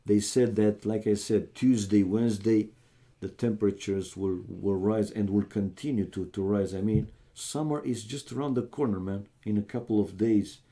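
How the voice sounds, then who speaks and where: At a normal speed, a young Romanian streamer speaks in a warm, fairly low, steady voice. While casting a strategy game match, he chats casually with viewers and calls them "man."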